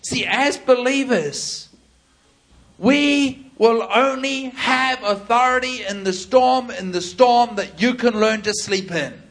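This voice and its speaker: Preacher, male, high voice, animated storyteller, acts out voices for a live crowd. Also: takes it slowly. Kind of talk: sermon with storytelling.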